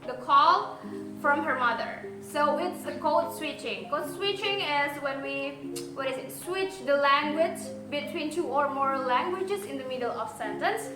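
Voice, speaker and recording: A woman's voice: high voice, animated, a little slow. A young woman hosting a casual podcast discussion, explaining topics and putting questions to the others. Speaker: podcast host. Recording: echoey room with music behind.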